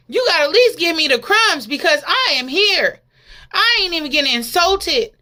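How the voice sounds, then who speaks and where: A woman preacher playing a desperate mother who pleads loudly and insistently for her possessed child. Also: high voice, voice pushed up. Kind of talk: sermon.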